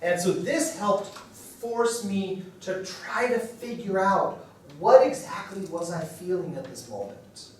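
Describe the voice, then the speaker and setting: Man, high voice, forties, workshop leader, conversational, very echoey hall, distant mic. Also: expressive, slow pace, few pauses, a little mellow. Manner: conversational, self-deprecating, checks in with "okay?". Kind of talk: teaching a church workshop. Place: church hall.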